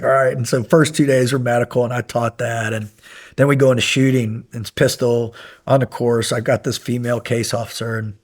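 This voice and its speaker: A middle-aged man, a former military instructor, telling stories casually in an interview, rambling with many fillers and swearing when he gets worked up. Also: mid-range voice. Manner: rambling anecdotes with many fillers, profane and animated when recounting yelling. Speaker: podcast guest, former SEAL instructor.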